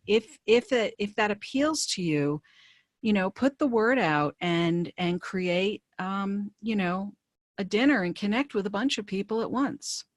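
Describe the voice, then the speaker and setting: A woman career coach presenting a webinar in a conversational, brisk way, with frequent fillers and restarts. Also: lowish voice, dry recording, studio quality.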